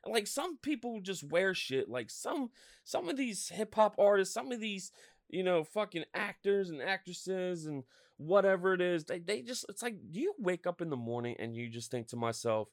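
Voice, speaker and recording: A man's voice: high-pitched, a little fast, no echo, studio quality. A man in his thirties hosting a podcast, ranting casually with lots of swearing and filler words. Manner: profane, animated ranting with frequent fillers. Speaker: podcast host. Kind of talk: casual rant.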